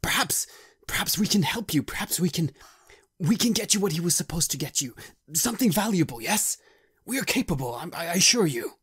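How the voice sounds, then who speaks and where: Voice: medium pitch, very animated, brisk, husky. A player voicing a scrawny lizard-folk adventurer who coaxes and pleads in a half-whisper. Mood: wheedling. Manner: wheedling, persuasive, half-whispered.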